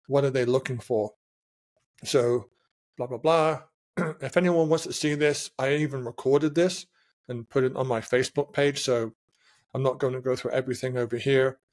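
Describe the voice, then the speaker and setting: A man speaking as a podcast guest and SEO consultant over a remote call, telling stories in a rambling, animated way. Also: medium pitch. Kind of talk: casual podcast chat.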